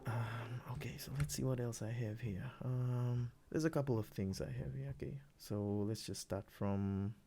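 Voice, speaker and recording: A man producing music, walking through his own beat in a relaxed, rambling way, with many fillers and restarts. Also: mid-range voice, normal speed, vocal fry, hardly any pauses. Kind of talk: casual screen-recorded tutorial.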